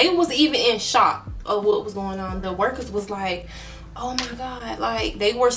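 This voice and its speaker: A woman's voice: mid-range voice, fairly bright tone, distant mic. A young woman from Alabama telling an emotional storytime to her viewers, talking straight to them. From Mobile, Alabama. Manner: earnest, emotional retelling, addresses viewers as y'all. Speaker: vlogger. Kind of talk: storytime vlog.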